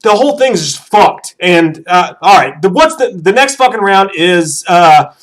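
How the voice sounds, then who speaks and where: Male livestream co-host, high voice, profane and rambling, heartfelt. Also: expressive, measured pace. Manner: impassioned, rambling, swears often, apologetic.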